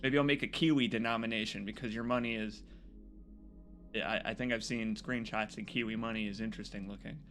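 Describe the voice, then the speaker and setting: A man chatting casually and excitedly to his viewers as a game streamer, rambling and joking. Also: on the low side, fairly quick, faint music behind. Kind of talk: casual live-stream chat.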